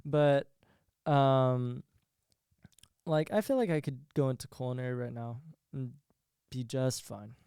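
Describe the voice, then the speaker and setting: A man's voice: mid-range voice, measured pace, pauses often, dark tone, clean tone, dry recording, clean studio sound. A young man hosting a solo podcast, talking in a rambling, profane way and laughing at his own jokes. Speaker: podcast host.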